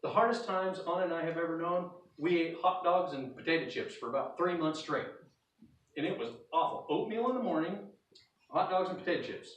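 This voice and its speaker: A man from North Idaho preaching a sermon in a folksy, storytelling way, acting out the scenes as he goes. His voice sits a bit high. It rings through a roomy church hall and is picked up from some distance. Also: brisk, fairly bright tone. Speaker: pastor. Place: church sanctuary.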